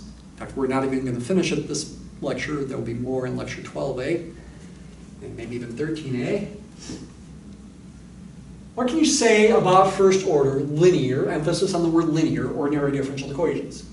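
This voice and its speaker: A man with a fairly high voice works through equations in a recorded university lecture, thinking aloud as he goes. His voice echoes in the room and sits a little back from the microphone, with a faint hiss of noise behind it. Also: a little fast, darkish tone, far from the mic. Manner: explains step by step, thinking aloud with asides. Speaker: math lecturer.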